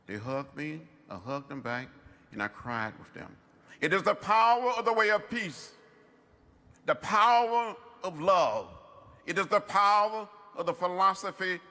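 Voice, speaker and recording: Over loudspeakers at a large outdoor ceremony, a man in his seventies delivers a commencement address in impassioned, preacher-like oratory built on short repeated phrases. His voice is a little high, pushed and bright, with long reverb from the public address system.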